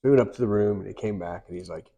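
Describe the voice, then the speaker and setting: A man's voice: fairly low pitch, rapid-fire, mellow, lo-fi sound. A man co-hosting a casual podcast, telling long anecdotes in a chatty way and laughing often. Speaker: podcast co-host, mortgage lender.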